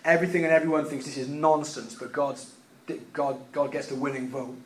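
A man preaching a sermon, emphatic, repeating key phrases and swinging between loud and quiet delivery. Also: on the high side, fairly even intonation, brisk.

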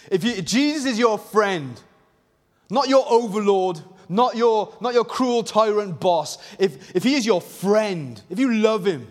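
A male preacher with a high voice delivers a fervent sermon in a church hall. He surges to near-shouted emphasis, then drops to hushed intensity, and the long reverb of a large room trails after every phrase. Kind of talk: passionate sermon.

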